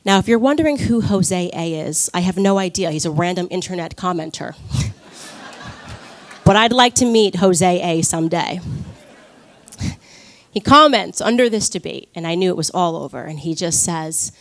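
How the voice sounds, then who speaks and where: A woman giving a personal testimony speech at a conference, telling her story with animated energy, quick laughs and acted-out quotes. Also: fairly low pitch. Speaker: conference speaker.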